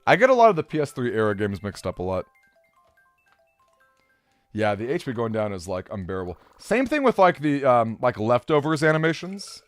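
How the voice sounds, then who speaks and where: A man's voice: mid-range voice, wildly swooping pitch, normal speed, dry recording, faint music behind. A man streaming a game, chatting casually and rambling with fillers as he answers his chat.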